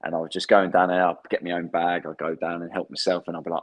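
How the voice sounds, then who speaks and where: An English man in his thirties, a former footballer chatting as a podcast guest, laughing often and restarting his sentences. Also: sits low. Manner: laughs often, self-deprecating, halting restarts. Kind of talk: casual interview chat.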